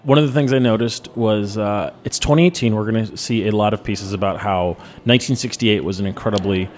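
A man's voice: lowish voice, brisk. Thirtysomething guy hosting a podcast, blunt and jokey, ranting opinions casually. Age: 30s. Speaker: podcast host. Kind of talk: casual chat.

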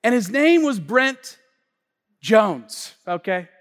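A male pastor preaching a sermon in a casual, slangy storytelling manner that swings between hushed asides and loud outbursts. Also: high voice, big pitch swings, slow. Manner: casual slangy talk, many fillers and restarts. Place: church sanctuary. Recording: long reverb of a large church hall.

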